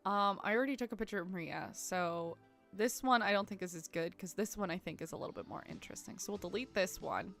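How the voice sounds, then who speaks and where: A woman's voice: mid-range voice, fast, gravelly, a bit bright, faint music behind. A young woman streaming, talking in a rambling, chatty way with many fillers. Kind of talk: casual live-stream chat while editing photos.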